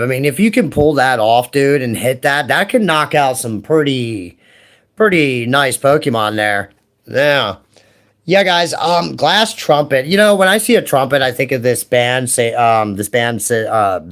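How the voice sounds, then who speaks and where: A man in his late thirties chatting casually while opening trading card packs, rambling and excitable, full of "dude" and "man". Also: medium pitch, moderate pace. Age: 30s. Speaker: card-opening video host.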